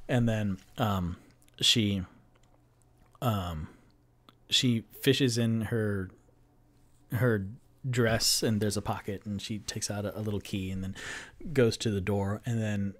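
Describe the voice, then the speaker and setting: A man's voice: lowish voice, steady tone, slow pace, long pauses, a bit bright. A man narrating a solo tabletop game as game master, meandering with many fillers.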